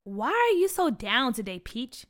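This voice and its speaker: A woman voicing an excited, encouraging fifth-grade girl in a storybook reading, upbeat and cheering. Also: a little high, unhurried.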